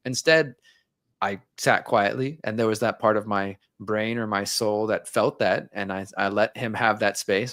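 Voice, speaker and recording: A man's voice: fairly low pitch, steady tone, a little slow, a bit bright, no room sound. Candid, reflective man in a dry room. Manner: reflective, openly personal, acts out his own inner dialogue. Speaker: interview guest. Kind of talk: candid conversational interview.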